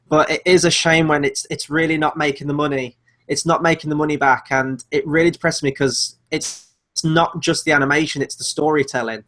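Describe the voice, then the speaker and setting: A man's voice: mid-range voice, a bit bright. A man co-hosting a film podcast, talking enthusiastically and agreeing often. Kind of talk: casual film review chat.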